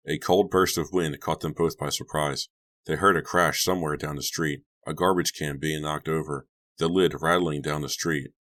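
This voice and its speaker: A man narrating a horror audiobook in a measured, suspenseful way. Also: a bass voice, fairly even intonation, a bit bright. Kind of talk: scripted narration.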